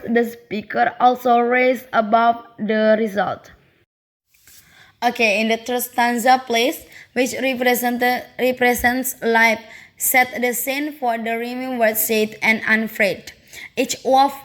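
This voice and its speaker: A woman presents a prepared analysis of a poem, taking her time over it. Her voice sits a little high, and she pauses, stumbles and corrects herself as she reads. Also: fairly bright tone. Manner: careful, halting delivery with fillers and self-corrections. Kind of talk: reading a prepared poetry analysis.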